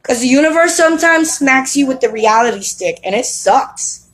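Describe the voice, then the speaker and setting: A woman's voice: high voice, animated, normal speed, poor audio. Slangy woman preaching spiritual talk. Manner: streetwise slang, preachy, asks "you know what I mean?". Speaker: spiritual vlogger. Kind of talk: casual spiritual talk to camera. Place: home with children around.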